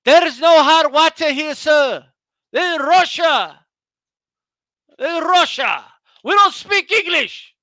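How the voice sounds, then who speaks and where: Brief: stiff, repetitive hotel clerk in a mock accent, bright and forceful, put on by a man. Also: very high-pitched, animated, slow, pauses often, dry recording, studio quality, pitched above the performer's own voice, heavily acted. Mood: dismissive. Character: stern male hotel clerk, stubborn and dismissive.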